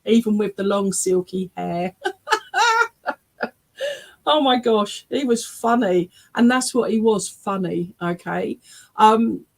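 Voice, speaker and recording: A woman medium gives an online reading over a video call. Her voice sits at a middling pitch for a woman. She is chatty and emotional, keeps checking in with her listener, and slips easily into laughter and teary exclamations. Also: unhurried. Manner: chatty, checks in often with "okay?" and "all right?". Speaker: spiritualist medium.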